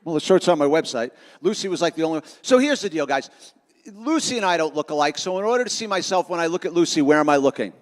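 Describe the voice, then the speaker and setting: A middle-aged man giving an energetic, self-mocking motivational talk to students at a school assembly. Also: a little high, fast talker. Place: large school auditorium. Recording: long auditorium reverb.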